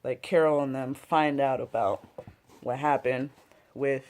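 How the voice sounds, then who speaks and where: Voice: mid-range voice, fairly even intonation, a little slow, darkish tone. Slangy, laid-back episode reviewer. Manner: loose and slangy, lots of "like" and "you know", some swearing. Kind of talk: casual review chat. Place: home, smoking and drinking while talking.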